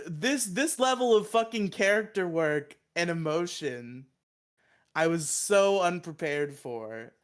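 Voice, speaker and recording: A man's voice: a little high, clear, resonant tone. A man co-hosting a podcast, eagerly retelling a show's plot in a rambling, casual way, swearing and laughing often. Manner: excited, rambling, swears and laughs often, acts out quoted lines. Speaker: podcast co-host.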